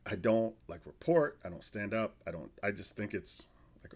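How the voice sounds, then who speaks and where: A man's voice: on the low side, expressive, moderate pace, a little mellow, breathy edge. A man in his forties, an army veteran guest, telling stories in loose, profane, casual podcast chat. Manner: loose, profane storytelling with restarts.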